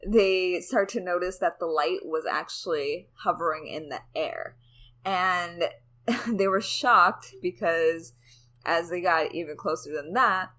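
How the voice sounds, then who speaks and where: A woman's voice: on the low side, a bit bright. A woman co-hosting a podcast, casually telling a story in a chatty, sweary way with lots of "like". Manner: chatty, sweary, says "like" a lot. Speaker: podcast co-host.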